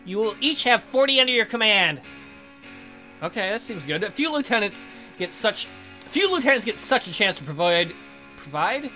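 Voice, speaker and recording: A man's voice: high-pitched, big pitch swings, normal speed, faint music behind. A man hosting a let's play, reading a text adventure aloud with playful jokey commentary and silly voices. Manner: playful, bursts into silly put-on voices and shouts.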